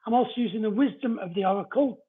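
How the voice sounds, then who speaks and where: A man's voice: high-pitched, fast, a little hiss or hum. A man hosting a live-stream psychic card reading, chatting casually and greeting viewers by name as he explains the cards. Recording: narrow phone-like audio.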